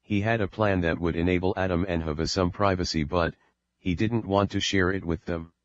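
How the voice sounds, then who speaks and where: A man narrating an audiobook in a plain, steady storytelling way. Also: deep voice, fairly quick, dry recording, muffled recording. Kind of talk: scripted narration.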